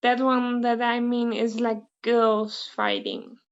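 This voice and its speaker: A woman hosting a casual interview, relaxed and laughing along with short replies. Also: a little high, takes it slowly, clear, resonant tone, muffled recording. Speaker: interview host.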